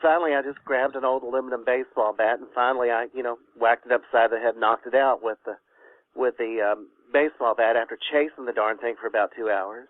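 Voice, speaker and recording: A man's voice: mid-range voice, steady tone, brisk, no echo. A man with a Kentucky Southern accent calling in to a talk show and telling a rambling, folksy story. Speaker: caller. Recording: dry, tinny phone line.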